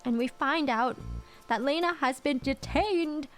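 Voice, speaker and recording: A woman streamer telling a story in a casual, animated, dramatic way, swearing a lot. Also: sits high, unhurried, over music.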